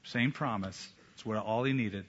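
A man preaching a sermon as a pastor, emphatic, with slow deliberate pauses. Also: on the low side, a bit bright. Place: church sanctuary. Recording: echoey hall, dull lo-fi sound.

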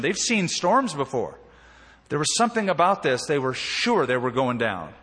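A male pastor preaching a sermon in a church sanctuary, telling the story in an animated way with emphatic swings and quieter asides. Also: fairly high pitch, husky. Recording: reverberant church hall.

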